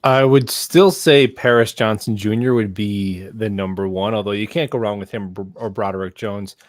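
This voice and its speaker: A man's voice: lowish voice, moderate pace, no room sound, studio quality. A man in a casual football talk, explaining his views at length. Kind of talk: casual chat.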